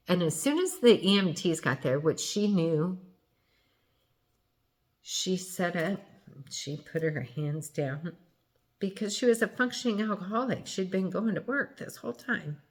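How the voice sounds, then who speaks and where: A woman telling a painful personal story in an earnest, halting way, often restarting and correcting herself. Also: fairly low pitch, expressive.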